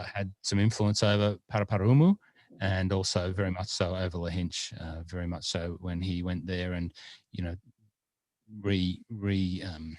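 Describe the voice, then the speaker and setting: A man's voice: low-pitched, dry recording, clean studio sound. A man co-hosting a golf podcast in casual chat, rambling with many fillers and restarts.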